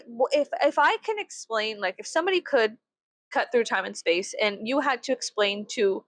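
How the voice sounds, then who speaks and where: A woman's voice: on the high side, fairly bright tone, no room sound. Profane rambling woman, dry close sound. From United States. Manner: rambling, profane, filler-heavy with frequent "like". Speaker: vlogger. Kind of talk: casual chat to camera.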